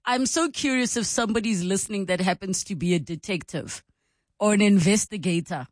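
A woman's voice: mid-range voice, a little fast, no echo, clean studio sound. A woman hosting a radio talk show, chatty and curious as she reads listener messages. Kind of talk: casual chat reading voice notes.

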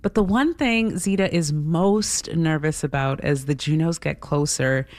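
A woman host narrating a news feature in a measured, scripted way. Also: sits low, a little mellow, dry recording.

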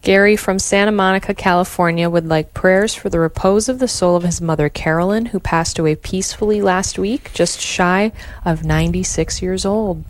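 Female radio co-host, fairly low voice, calm even reading, dry studio sound. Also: normal speed, few pauses, dry recording. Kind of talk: praying and reading listener intentions.

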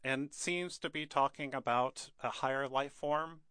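A man on a radio music show, explaining a new album in a relaxed, wry, conversational way. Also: medium pitch, measured pace, smooth, no echo. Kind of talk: casual radio music chat.

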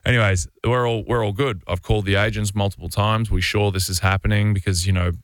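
A man's voice: on the low side, quick pace, no echo. An Australian man, a basketball player, telling a story casually on a radio show, rambling with lots of fillers and restarts. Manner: rambling, relaxed, full of "like" and restarts.

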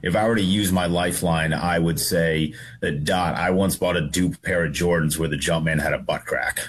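A young adult man with a very low, husky voice tells a story on a radio show. He rambles and hesitates, with plenty of fillers along the way. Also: steady tone, normal speed. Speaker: radio guest. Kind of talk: casual storytelling.

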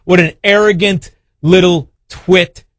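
A man's voice: high-pitched, fairly even intonation, slow pace, fairly bright tone, dry recording, clean studio sound. A man hosting a call-in talk show, blunt and heated as he rants. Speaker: radio talk show host.

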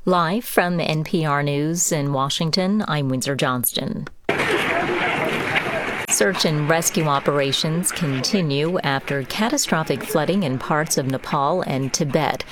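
Low-voiced woman reading the news. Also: slight background noise. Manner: measured formal news delivery. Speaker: newscaster. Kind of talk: scripted newscast.

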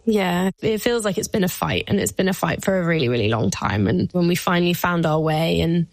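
A woman's voice: on the low side, expressive, fairly quick, no echo. A woman, a guest speaking openly and emotionally, with plenty of "like" fillers. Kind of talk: candid personal conversation.

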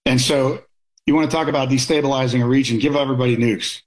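A man recounting his military days in a loose, anecdotal way, often circling back and restarting his sentences. His voice sits at an ordinary middle pitch. He talks like a guest sharing stories in a casual interview. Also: steady tone, fast, rough recording. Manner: anecdotal, many restarts and fillers.

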